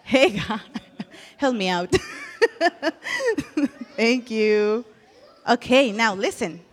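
A woman's voice: on the high side, drawn-out words, big-room sound. A woman teaching a children's Bible lesson in a church, telling the story with animation and asking the children questions.

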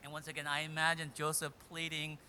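A man preaching a sermon, retelling a story dramatically and swinging between loud and hushed delivery. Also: fairly high pitch, completely flat delivery, quick pace, a little hiss or hum.

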